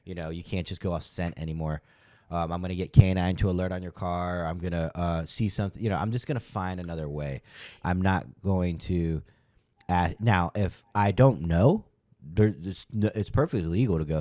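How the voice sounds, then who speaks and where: A man who works as a police officer, explaining in casual podcast chat in a measured way. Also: deep voice, warm tone, dry recording, studio quality.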